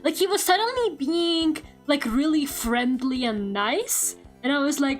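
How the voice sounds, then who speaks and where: A woman's voice: high-pitched, expressive, measured pace, hardly any pauses, a bit bright, faint music behind. A woman streamer chatting casually while she draws, rambling, swearing and laughing, with "like" in nearly every sentence. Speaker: VTuber streamer.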